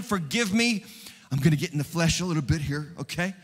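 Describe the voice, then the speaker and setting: A man preaching an Easter sermon as pastor, animated and swinging from hushed tones to loud ones. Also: on the high side, a little fast, husky, in a large hall. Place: church.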